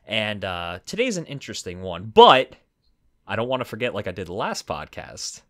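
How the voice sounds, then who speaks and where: A man's voice: lowish voice, normal speed, dry recording. A young man hosting a casual podcast, talking with lots of fillers and restarts. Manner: animated, many fillers and restarts. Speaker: podcast host.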